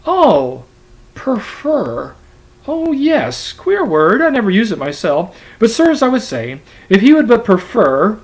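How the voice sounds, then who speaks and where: A man's voice: high-pitched, wildly swooping pitch, unhurried, pitched above the performer's own voice, full character voice, low-quality recording. A man doing a fawning, deferential old clerk. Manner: obsequious, eager. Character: deferential elderly male clerk.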